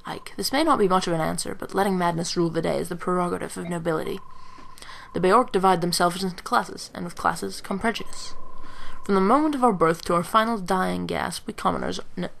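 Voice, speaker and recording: Brief: steady veteran female knight, calm and reasoning, voiced by a woman. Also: on the low side, brisk, creaky, slight background noise.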